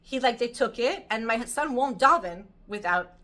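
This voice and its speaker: A middle-aged woman giving an informal Torah class, telling stories in an animated, chatty way. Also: a little high, normal speed. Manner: animated storytelling, lively and chatty. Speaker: Torah teacher.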